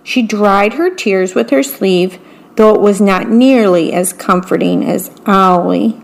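A woman reading a picture book aloud, slowly and carefully, pausing to describe the pictures. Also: medium pitch, gravelly. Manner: slow, careful, describes the pictures between passages. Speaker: storyteller.

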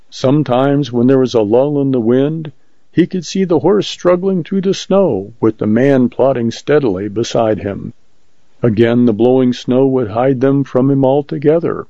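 Gravelly man narrating a story. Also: medium pitch, dark tone, no echo. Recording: muffled lo-fi recording.

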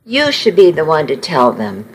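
A woman's voice: sits low, huge pitch swings, normal speed, a little hiss or hum, voice pushed down, rough recording. A woman voicing a timid young cousin. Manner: timid, hesitant. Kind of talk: reading a story aloud.

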